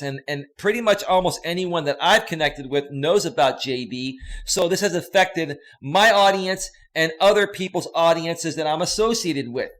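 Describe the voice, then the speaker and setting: Fired-up man ranting, high voice. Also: a bit bright. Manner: profane, heated, repetitive ranting. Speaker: livestream host and coach. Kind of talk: angry livestream rant.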